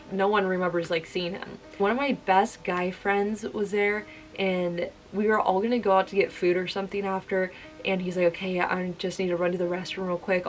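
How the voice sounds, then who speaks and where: A woman's voice: fairly low pitch, poor audio. A young woman telling a spooky personal story to camera in a chatty, casual way, full of "like.". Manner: chatty, filler-heavy telling with many "like"s. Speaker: vlogger.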